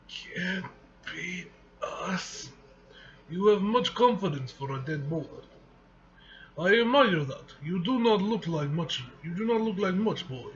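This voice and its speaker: A man reading a menacing male Russian villain from a comic, in a put-on Russian accent with slow, deliberate threats. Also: high voice, lo-fi sound.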